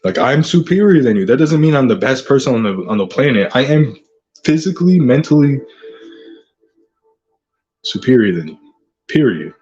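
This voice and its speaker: A man's voice: medium pitch, sing-song, moderate pace, pauses often, darkish tone, highs cut off. A man hosting his own channel, delivering an aggressive, profane rant full of taunting insults. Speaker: channel host. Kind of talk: ranting vlog monologue.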